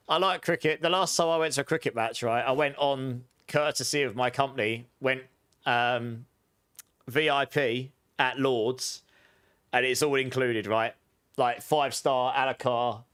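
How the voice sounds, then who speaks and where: A man's voice: medium pitch, fairly even intonation, a little slow, fairly bright tone, clean tone. A man chatting casually while streaming a game, answering his chat and telling long rambling anecdotes.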